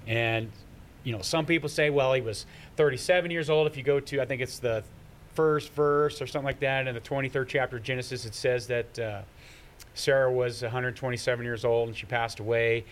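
A man leading a Bible study in an easygoing, explanatory way. He reads verses aloud and works through them at a mid-range pitch, wandering into side points before returning to the text. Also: fairly even intonation, a little fast.

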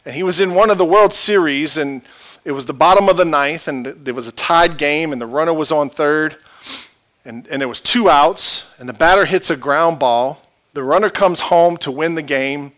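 A man preaching a sermon in a church. His voice sits high and rings bright and forceful. He climbs into shouted peaks, then falls back to low, quiet asides. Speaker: pastor.

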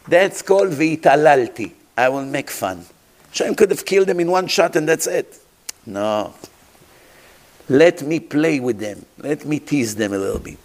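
High-voiced rabbi preaching a dramatic sermon. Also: male voice, animated, normal speed. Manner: rhetorical questions to the audience.

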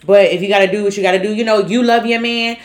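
A woman's voice: mid-range voice, fairly even intonation, fast talker. A woman co-hosting a podcast in playful, casual chat, swearing freely. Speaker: podcast co-host.

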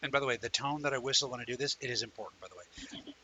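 A man chats loosely on his livestream talk show, naming viewers as he greets them and telling stories with lots of animation. The rough recording carries slight background noise, and his medium-pitched voice sounds sharp as he races along.

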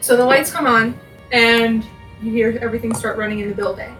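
Flat-voiced woman game master. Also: a little high, a little fast. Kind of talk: tabletop role-play narration. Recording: echoey, distant, music behind.

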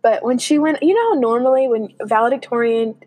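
Young woman co-host, higher voice, casual chatter with mock voices for quotes. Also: expressive, fairly quick, warm tone. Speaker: podcast co-host. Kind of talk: casual chat.

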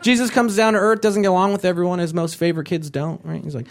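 A man's voice: fairly high pitch, fast, hardly any pauses. A man performing a rambling stand-up comedy set on stage, acting out quotes in conversational bits. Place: comedy stage before a live audience.

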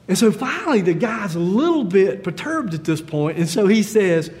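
A man pastor preaching a sermon in a gentle, conversational way, with frequent pauses and fillers. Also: high voice, sing-song, in a large hall.

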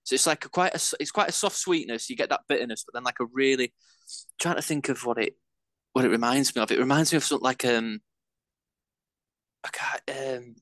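A man's voice: mid-range voice, brisk, long pauses, a bit bright, dry recording. A man co-hosting a casual beer podcast, self-deprecating and rambling, with lots of fillers as he talks about brewing. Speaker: podcast co-host and home brewer. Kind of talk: casual chat.

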